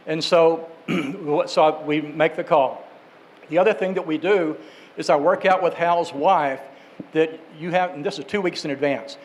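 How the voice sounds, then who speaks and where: Higher-voiced man telling a rambling story. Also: steady tone, normal speed, poor audio. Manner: rambling, with restarts and asides. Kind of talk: casual anecdote telling.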